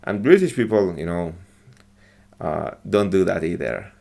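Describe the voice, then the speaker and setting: A man explains English words and phrases from film clips in a slow, unhurried lesson. His voice sits on the lower side and carries a gravelly rasp. He speaks haltingly, with frequent fillers and restarts. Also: lively intonation, darkish tone, slight background noise. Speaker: English teacher.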